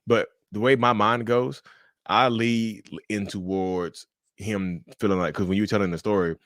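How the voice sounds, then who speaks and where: A man hosting a casual podcast chat, animated and quick to act out angry quotes, swearing freely. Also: on the low side, no echo, studio quality. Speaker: podcast host.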